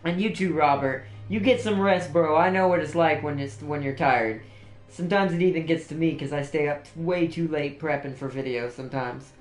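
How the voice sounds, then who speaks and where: A man's voice: a little high, normal speed. A man hosting a livestream, chatting casually and laughing often, rambling with restarts. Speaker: livestream host. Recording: roomy echo, faint music behind.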